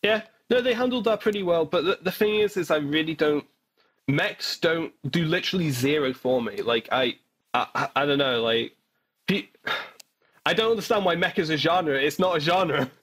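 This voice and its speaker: A man co-hosting a podcast in loose, casual chat, his voice a little husky and pitched higher than most. He talks bluntly and swears freely, often stuttering as he restarts a thought. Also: lively intonation, normal speed, a bit bright. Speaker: podcast co-host.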